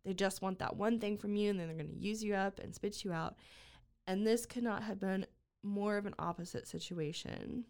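Woman on a podcast opening up about her past, gravelly voice, lots of likes and restarts. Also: medium pitch, darkish tone. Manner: earnest, halting, many fillers and restarts. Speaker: podcast guest. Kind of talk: emotional personal storytelling.

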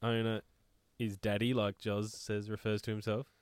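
A man co-hosting a podcast, chatty and quick to chime in with stories. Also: lowish voice, little pitch movement, clear, resonant tone, dry recording, clean studio sound. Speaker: podcast co-host. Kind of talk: casual chat.

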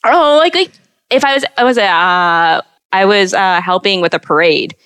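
A woman's voice: medium pitch, animated, moderate pace, fairly bright tone, clear, resonant tone, dry recording. A woman hosting a casual conversation, teasing and laughing often. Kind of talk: casual chat.

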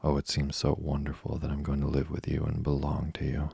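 A man voicing a chatty, imaginative orphan girl in a storybook reading, in his own very deep, gravelly voice. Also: completely flat delivery, brisk, dark tone, no echo, studio quality, heavily acted. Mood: eager. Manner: eager nonstop chatter.

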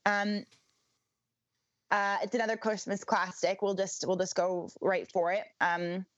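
A woman's voice: mid-range voice, little pitch movement, unhurried, no room sound. A woman co-hosting a podcast talks in a loose, casual way, with many ums and restarts. She laughs easily. The recording sounds dry and a little muffled. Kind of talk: casual chat.

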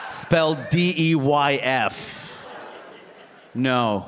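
A man's voice: medium pitch, very slow, fairly bright tone. A man performing a stand-up comedy set on stage, telling stories animatedly and mimicking other people. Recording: live hall with reverb, faint noise.

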